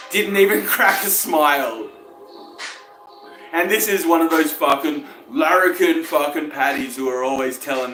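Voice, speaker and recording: A man's voice: on the high side, bright, forceful tone, echoey room, poor audio. A man with a New Zealand accent, a podcast host rambling through a casual monologue full of swearing, fillers and chuckles.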